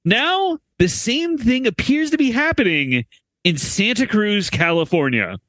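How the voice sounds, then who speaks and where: A man's voice: high voice, big pitch swings, unhurried, a bit bright, no echo. A man co-hosting a comedy news podcast, reading stories aloud with playful emphasis.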